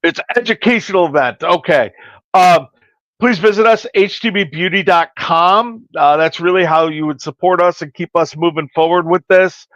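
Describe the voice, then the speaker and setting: A man's voice: sits high, moderate pace, fairly bright tone, dry recording, lo-fi sound. A man hosting a podcast and working as a hairstylist, telling stories in casual chat and acting out the dialogue in them. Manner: storytelling, acting out quoted dialogue.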